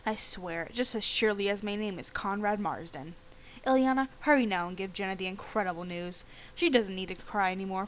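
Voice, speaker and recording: An old craftsman from a horse-riding game thanks the hero in an earnest, slightly solemn tone, read aloud by a woman. The voice sits at a plain middle pitch. It stays close to an everyday speaking voice. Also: slight background noise, natural voice, low-quality recording. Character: old male village craftsman, grateful.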